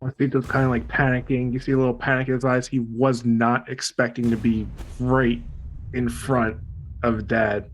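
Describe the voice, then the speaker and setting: A man playing a tabletop game, describing his character in a hesitant, halting way. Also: mid-range voice, level tone, slight background noise, rough recording. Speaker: player.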